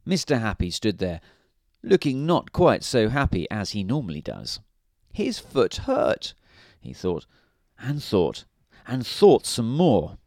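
A man's voice: lowish voice, wildly swooping pitch, takes it slowly, a little mellow, no echo, studio quality. A man reading a children's story aloud in a playful way, now and then asking the listener questions.

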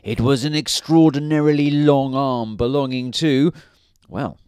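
A man's voice: mid-range voice, steady tone, measured pace, darkish tone, clean tone, no echo. A man reading a children's story aloud in a playful way, now and then asking the listener questions.

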